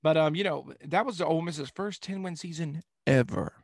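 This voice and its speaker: A man's voice: fairly high pitch, brisk, no room sound, clean studio sound. A young man co-hosting a casual sports talk show, joking and slipping into silly impressions.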